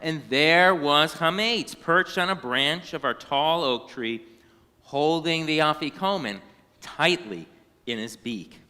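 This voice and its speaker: A man reading a children's storybook aloud in a synagogue, animated and now and then singing short phrases. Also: fairly high pitch, takes it slowly, smooth, long reverb tail. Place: synagogue sanctuary.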